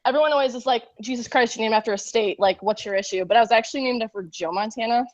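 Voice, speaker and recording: Soft-spoken woman on dull call audio. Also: a little high, rapid-fire. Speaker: caller.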